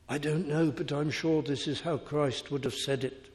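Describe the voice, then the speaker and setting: A man's voice: a little high, fairly even intonation, moderate pace, hardly any pauses, darkish tone. A man preaching a sermon in an earnest, compassionate way in a church. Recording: echoey hall reverb.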